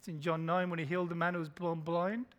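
A male pastor preaching an urgent sermon, swinging between loud emphasis and near whispers. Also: fairly high pitch, flat delivery, quick pace, highs cut off. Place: church in a shopping complex.

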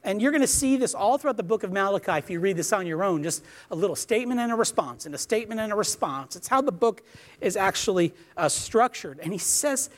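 A man delivers a sermon with earnest emphasis. His pitch rises and falls in a lively way, and he acts out the quoted exchanges he describes. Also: fast. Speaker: preacher.

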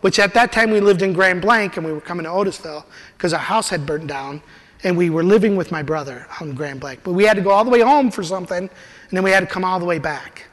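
A man preaching a sermon and telling a personal testimony in an animated storytelling manner. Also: high voice, fast talker, big-room sound. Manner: animated storytelling, laughs while he talks.

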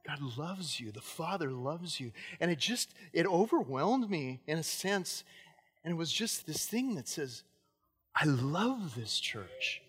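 A man's voice: a little high, lively intonation, measured pace, fairly bright tone, husky. Earnest preaching man in reverberant church. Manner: earnest and storytelling. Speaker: pastor. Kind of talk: sermon with personal stories. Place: church sanctuary.

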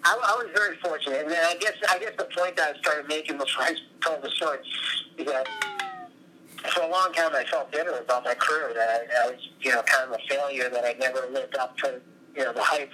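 A middle-aged former wrestler and coach, talking from his office, telling long, animated stories as an interview guest. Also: fairly high pitch, a little fast, background noise. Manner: rambling, animated storytelling.

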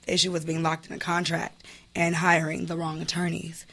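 Bright-voiced woman telling her story. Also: deep voice, monotone. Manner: candid, emphatic, quick to laugh. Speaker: interview guest. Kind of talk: casual interview storytelling.

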